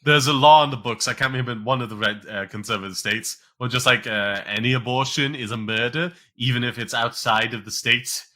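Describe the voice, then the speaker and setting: Rambling young man, bright voice. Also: mid-range voice, fairly even intonation, a little fast, few pauses. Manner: rambling, filler-heavy. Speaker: podcast co-host. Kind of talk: casual podcast chat.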